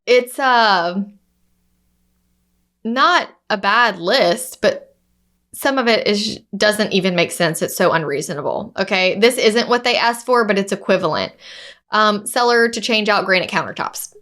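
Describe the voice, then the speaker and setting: A woman's voice: mid-range voice, unhurried. A woman co-hosting a podcast as a real estate agent, telling a story in casual chat and acting out the dialogue. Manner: animated storyteller who acts out quoted dialogue.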